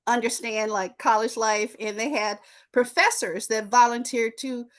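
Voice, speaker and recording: A woman's voice: fairly high pitch, fairly even intonation, a little slow. A woman with a Southern US accent, an attorney and podcast guest, telling stories animatedly with frequent laughter and asides. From Memphis, Tennessee, US. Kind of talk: storytelling in an interview.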